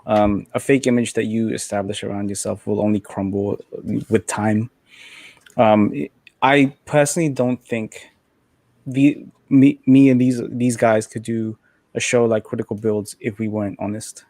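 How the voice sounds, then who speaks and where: A man's voice: on the low side, fairly even intonation, unhurried, darkish tone, no echo. A young man on a panel call, talking casually and rambling with many fillers and restarts.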